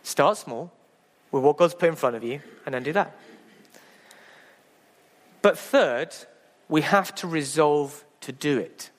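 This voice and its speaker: A pastor gives a lively, rousing sermon, throwing rhetorical questions at his congregation with a light, humorous touch. His voice sits fairly high for a man, and a long reverb hangs in the church around him. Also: slow, pauses often. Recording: echoey church hall.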